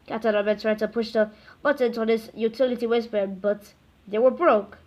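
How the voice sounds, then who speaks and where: Halting woman reading a kids' book. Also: a little high, steady tone, lo-fi sound. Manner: halting, with stumbles and self-corrections. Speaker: reader. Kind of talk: reading a children's book aloud.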